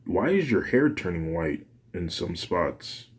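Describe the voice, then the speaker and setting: A man's voice: low-pitched, big pitch swings, slow pace, slightly rough, heavily acted. A man voicing a worried, earnest teenage boy in a fan story, speaking hesitantly.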